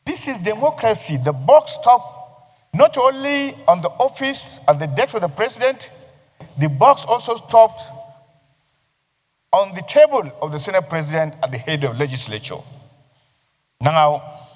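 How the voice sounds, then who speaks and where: Nigerian male senator, high voice, repetitive oratory, reverberant chamber recording. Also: sing-song, a little slow, long pauses. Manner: forceful, declamatory oratory with repeated phrases. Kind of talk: parliamentary floor speech. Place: legislative chamber.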